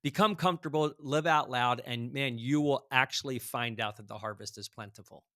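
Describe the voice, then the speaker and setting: A man's voice: medium pitch, moderate pace, no room sound, clean studio sound. A man guest on a podcast, telling stories casually and acting out bits of dialogue with lots of fillers. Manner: animated storyteller acting out dialogue, frequent fillers. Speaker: guest author. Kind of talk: casual storytelling in a podcast conversation.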